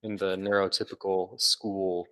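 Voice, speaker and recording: Earnest low-voiced young man. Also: flat delivery, a little slow, fairly bright tone. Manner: earnest, explaining with examples, supportive. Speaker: podcast co-host. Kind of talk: casual conversation.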